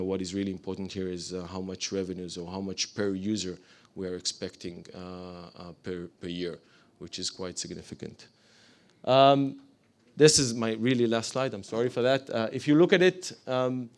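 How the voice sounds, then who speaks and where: Hesitant low-voiced man pitching a startup. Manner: hesitant, many fillers, apologetic asides. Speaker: startup presenter. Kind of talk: business pitch to a live audience.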